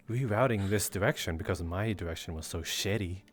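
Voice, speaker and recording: A man's voice: low voice, a little fast, soft background music. A man joking and checking details with his fellow players during a VR roleplay stream.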